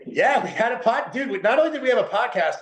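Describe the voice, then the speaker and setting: A man from New England, a guest on a podcast, rambles through a casual interview chat, saying "like" and "dude" constantly. His voice is very high-pitched, animated, fast and fairly bright. The room is echoey.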